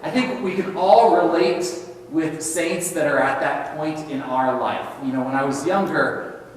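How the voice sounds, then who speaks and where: Man in his 30s telling saint stories with sound effects, echoey hall, far from the mic, bit high voice. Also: unhurried. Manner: storytelling, with sound effects and restarts. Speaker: religion teacher and speaker. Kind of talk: talk on saints. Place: large hall at a spiritual center.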